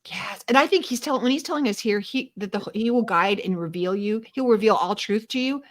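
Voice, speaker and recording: A woman's voice: medium pitch, a little fast. A middle-aged woman hosting a casual faith discussion, chatty and self-deprecating, acting out little prayers and inner dialogue as she talks. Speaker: host of a Torah study show.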